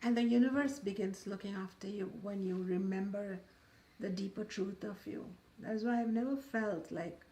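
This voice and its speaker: A woman's voice: medium pitch, moderate pace, warm tone. A woman spiritual teacher giving a talk, telling a parable in a storyteller's manner and drawing out key words for emphasis, then leading a guided meditation.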